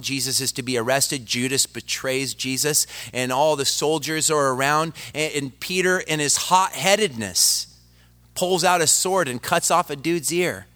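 A male preacher delivering a dramatic sermon that swings from loud to hushed and speaks straight to the congregation. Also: mid-range voice. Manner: addresses the congregation directly.

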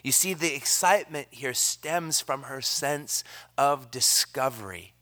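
A man preaching a sermon on a church microphone, energetic and earnest, swinging from loud emphasis down to hushed, almost whispered lines. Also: medium pitch, a little slow. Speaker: pastor. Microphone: handheld or stand microphone.

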